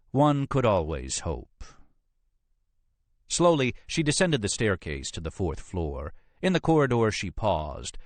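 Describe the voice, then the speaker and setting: A man reading a thriller audiobook in measured, expressive scripted narration. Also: on the low side, dry recording.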